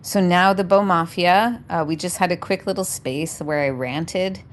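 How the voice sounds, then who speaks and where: A woman's voice: fairly low pitch, normal speed. A woman from Canada chatting enthusiastically and rambling a little on a casual livestream.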